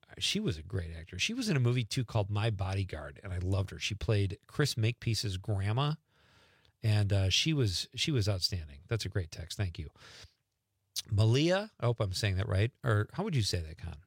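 This is a middle-aged man at normal speed, his voice slightly rough, hosting a laid-back call-in radio show where he reads listener texts. Animated and chuckling, he alternates between playful asides and low murmurs. The studio-quality sound has no echo and comes through a studio radio mic.

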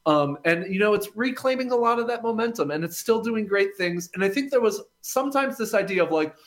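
A man's voice: high voice, lively intonation, brisk. A young man chatting casually on air, enthusiastic and rambling, with frequent restarts. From Milwaukee. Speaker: film critic guest. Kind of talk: casual radio chat.

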